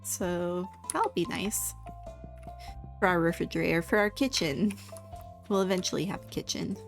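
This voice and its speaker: A young woman giving relaxed, chatty commentary while playing a farming game. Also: on the low side, moderate pace, vocal fry, faint music behind. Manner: relaxed, chatty, giggly asides. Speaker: gaming video host. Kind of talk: casual gameplay commentary.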